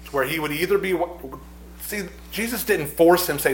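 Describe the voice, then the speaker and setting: A man's voice: fairly high pitch, normal speed, echoey room, a little hiss or hum. A man preaching a sermon, reflective and repeating his phrases, rising with emphasis on key points.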